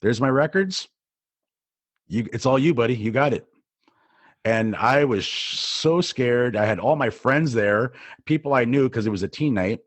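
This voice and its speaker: This New Jersey man, middle-aged and working as a DJ and podcast co-host, has a medium-pitched, expressive voice and talks a little slowly. With no room sound, he tells a meandering casual story riddled with fillers and restarts.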